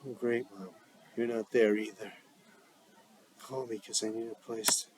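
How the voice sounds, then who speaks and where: A woman's voice: low-pitched, animated, takes it slowly, background noise, voice pushed up. A man voicing an exhausted young woman who mumbles in a sloppy, drowsy way. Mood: mumbling.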